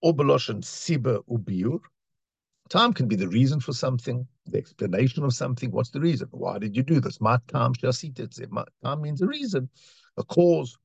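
A man's voice: medium pitch, animated, brisk, creaky, breathy edge, no echo, muffled recording. A man teaching a Torah class, reading Hebrew phrases and explaining them in English, often repeating words as he searches for the next one. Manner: reads Hebrew lines then translates, with repetitions and restarts.

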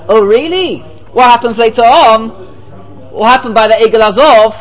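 A man with a very high voice gives a Torah lecture as a rabbi. He asks rhetorical questions, answers them himself, and slips into the voices of the people he quotes. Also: moderate pace, poor audio. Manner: lively, acts out the people he quotes.

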